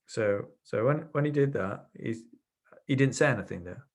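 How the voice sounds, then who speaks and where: In a webinar lecture, an NLP trainer with a mid-range voice speaks at normal speed. He illustrates his ideas with stories from his sessions, often starting over mid-thought.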